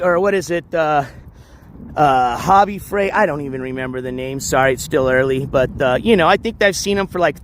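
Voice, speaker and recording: High-voiced man rambling on a walk. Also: fairly bright tone. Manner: rambling, chatty, many fillers and restarts. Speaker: live streamer. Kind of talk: casual walking live stream chat. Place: outdoors on a trail.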